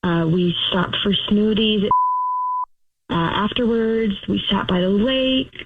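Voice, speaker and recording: A woman's voice: mid-range voice, slow, heavy background noise. A young woman calling in to a talk show, chatty and gushing, with many fillers and restarts. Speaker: caller. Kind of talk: telling a dating story on a call-in show. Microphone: phone. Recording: tinny phone line.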